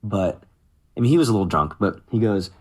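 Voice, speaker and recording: Lowish-voiced man telling band stories. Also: brisk. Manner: animated, quotes others in lively voices. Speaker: interviewed musician. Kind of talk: casual storytelling interview.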